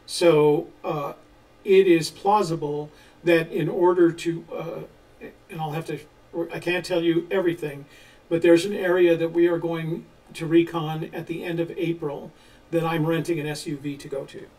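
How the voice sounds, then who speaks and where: A man co-hosting a casual live chat, answering viewer questions in a measured, explanatory way with frequent pauses. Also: fairly high pitch, level tone, a little mellow. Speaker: co-host of a treasure-hunt channel. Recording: voice a little distant from the mic.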